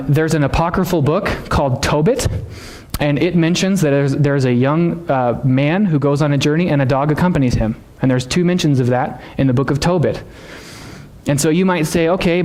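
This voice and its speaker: An American pastor with a slightly high, somewhat mellow voice preaches in a church sanctuary. He teaches conversationally and puts questions to the congregation.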